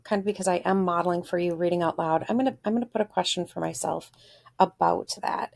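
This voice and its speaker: A woman literature teacher reads a short story aloud and stops often to think aloud about it, pausing with fillers. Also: fairly low pitch, creaky, darkish tone. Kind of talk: reading a story aloud with commentary.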